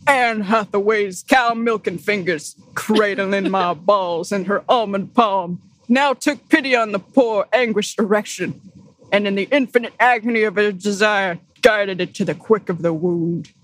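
A woman's voice: mid-range voice, measured pace, close to an everyday voice. A woman putting on a grand gospel-preacher recital voice. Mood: mock-solemn. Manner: theatrical, declaiming, breaks into giggles.

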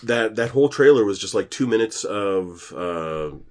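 A man's voice: lowish voice, normal speed. A man hosting a podcast in casual chat, telling stories with lots of swearing and acting out what people said. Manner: animated storyteller, swears often, acts out quotes loudly. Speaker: podcast host.

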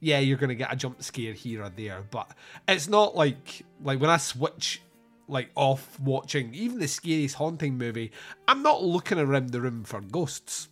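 A man's voice: mid-range voice, animated, normal speed, a bit bright, faint music behind. A Scottish man from Scotland chatting casually about films, rambling through anecdotes and swearing freely.

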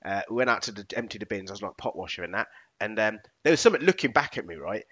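On a dull lo-fi recording, a man with a lowish, slightly bright voice talks casually at a racing, animated clip. He sounds hesitant, leaning heavily on fillers like "like" and "I don't know."

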